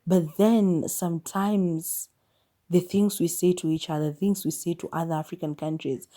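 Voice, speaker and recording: A woman's voice: lowish voice, fairly even intonation, normal speed, dark tone. A Kenyan woman hosting a solo podcast, sharing her opinions in a candid, musing way. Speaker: podcast host.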